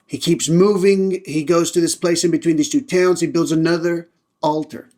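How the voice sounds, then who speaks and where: Reading from scripture and then recounting it with offhand, cheeky jokes, this fairly high-voiced man sounds like a lay teacher chatting on his podcast. His pace is moderate, and he comes across relaxed and playful, not sermonizing.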